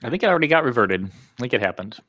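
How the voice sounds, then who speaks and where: A man's voice: medium pitch, sing-song, very fast, fairly bright tone, no echo. A man with a Midwestern accent co-hosting a casual podcast in an easygoing way. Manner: easygoing, laughs along. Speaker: podcast co-host.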